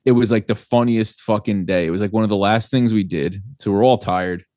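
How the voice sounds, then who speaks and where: A man's voice: lowish voice, brisk, darkish tone, no room sound, studio quality. A young man from New Jersey, a guest, chatting casually on a podcast in a laid-back, rambling way and swearing freely. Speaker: guest, band singer.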